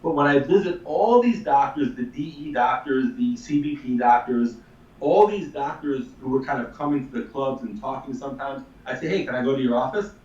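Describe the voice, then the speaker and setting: Animated man. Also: mid-range voice, normal speed, roomy sound, distant mic, highs cut off. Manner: animated, emphatic, swears casually. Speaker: chiropractor guest. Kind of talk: casual storytelling on a live show.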